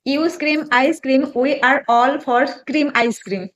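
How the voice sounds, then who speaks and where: A woman's voice: high voice, fairly even intonation, takes it slowly, fairly bright tone. A woman hosting a casual vlog, practicing tongue twisters in simple, careful learner's English. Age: adult, mother of a child. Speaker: channel host and mother.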